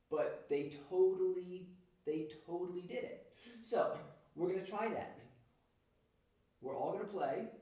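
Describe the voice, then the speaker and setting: A man's voice: on the high side, warm tone. A man leading a music workshop, demonstrating rhythms by chanting and counting aloud for a group. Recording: echoey room, from a distance.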